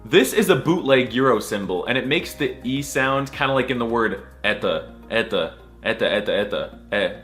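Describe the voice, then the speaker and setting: A man hams his way through a comedic alphabet lesson, mock-serious and playful. His pitch swings all over the place, jumping up into squeaky bursts between deadpan asides, and he drills each sound over and over. Soft music plays faintly underneath. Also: normal speed, few pauses. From United States. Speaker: comedic language teacher.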